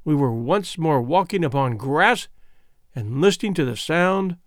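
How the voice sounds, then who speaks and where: Brief: male audiobook reader, high animated voice, measured storytelling, dry booth sound. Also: no echo. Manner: measured first-person storytelling. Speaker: audiobook narrator. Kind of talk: scripted narration.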